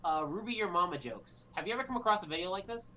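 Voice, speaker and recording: A man's voice: high voice, lively intonation, fast talker, pushed and bright, a little hiss or hum, rough recording. A man talking as a guest on a podcast, hesitant and full of fillers and restarts in casual chat.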